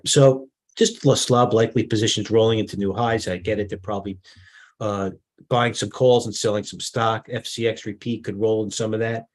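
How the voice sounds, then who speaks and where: A man's voice: lowish voice, poor audio. A middle-aged man hosting a live stock market stream, commenting off the cuff with rambling asides and restarts.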